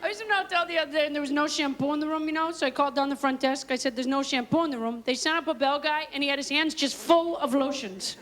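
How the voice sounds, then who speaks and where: A woman performing live stand-up comedy, riffing in a quick, quirky, self-mocking way and bantering with people in the audience. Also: high-pitched, a bit bright, a faint crowd. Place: stage before a live audience. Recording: live audience laughter and noise.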